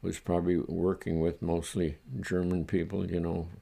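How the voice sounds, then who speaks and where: Gravelly older man, slow halting recollection. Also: low-pitched, monotone. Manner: halting, reflective, chuckles softly. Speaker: interviewee recalling his childhood. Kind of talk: oral history interview.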